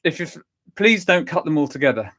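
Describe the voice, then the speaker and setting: A cheerful man leading a vocal warm-up lesson, counting through the exercises and encouraging the listener, a little stuffy from a cold. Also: a little high, big pitch swings, brisk. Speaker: singing and vocal warm-up teacher.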